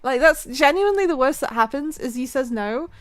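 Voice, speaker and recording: A young woman streamer telling a story casually, animated and giggly. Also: high voice, a little fast, dry recording, low-quality recording. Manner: giggly, animated, breaks into laughter often. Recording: music playing underneath.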